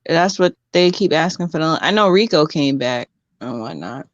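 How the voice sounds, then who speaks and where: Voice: mid-range voice, expressive, moderate pace, dry recording, highs cut off. A livestream guest talking casually and hesitantly, with many fillers. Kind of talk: casual chat.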